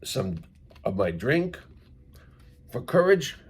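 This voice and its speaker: A middle-aged man from central Massachusetts, speaking as an English teacher in a casual, deliberate monologue to camera and spelling words out letter by letter. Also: medium pitch, sing-song, breathy edge. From central Massachusetts, USA.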